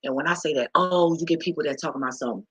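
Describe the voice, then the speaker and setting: A woman's voice: low voice, fast talker, husky, dry recording, low-quality recording. A woman giving blunt, profane life advice straight to the viewer in an emphatic, preachy rant. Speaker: vlogger.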